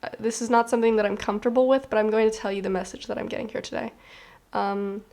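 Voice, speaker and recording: A woman's voice: on the high side, fairly even intonation, fast talker, darkish tone. A woman reading tarot cards to camera in a casual, earnest, rambling way, with many "like" fillers. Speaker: tarot reader.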